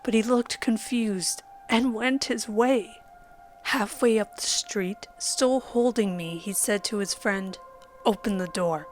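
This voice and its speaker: A woman reading a true horror story as a measured, dramatic narrator who sometimes drops to a whisper. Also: fairly high pitch. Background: faint background music.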